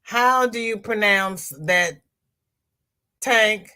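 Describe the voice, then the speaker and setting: A woman chats through a relaxed crafting livestream. She talks slowly and rambles, reading comments aloud and laughing easily along the way. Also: medium pitch. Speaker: crochet channel host reading live chat. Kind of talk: casual livestream chat.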